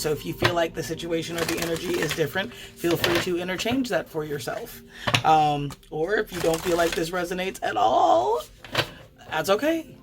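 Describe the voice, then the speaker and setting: A woman giving a casual tarot card reading, chatty and quick to swear, often stammering and restarting her sentences. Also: fairly low pitch, heavy background noise. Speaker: tarot reader.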